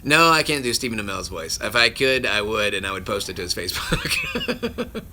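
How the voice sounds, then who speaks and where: Speaking in a lowish, sing-song voice at a moderate pace, this male voice actor rambles through viewer questions on a phone livestream from home, children close by. He chuckles between answers and keeps cutting himself off, over a noisy background.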